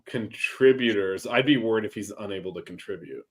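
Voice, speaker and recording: A man's voice: on the low side, a little fast, breathy edge. A man hosting a casual sports chat, rambling with many fillers and restarts. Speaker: sports podcast host.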